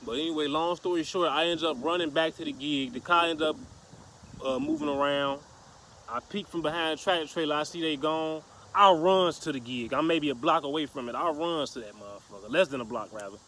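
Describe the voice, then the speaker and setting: A man with a somewhat high voice tells a long story to the camera in a loose, slangy, profane way. He rambles and restarts his sentences as he goes. Faint background noise runs under the voice. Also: brisk, fairly bright tone. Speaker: vlogger. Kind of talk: casual storytelling vlog.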